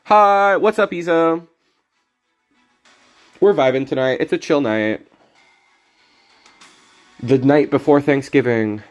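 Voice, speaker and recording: Taking it slowly with long pauses, this slightly high-voiced young man gives casual commentary while streaming a card game. He's relaxed and jokey, frequently mumbling asides, and faint music plays behind him.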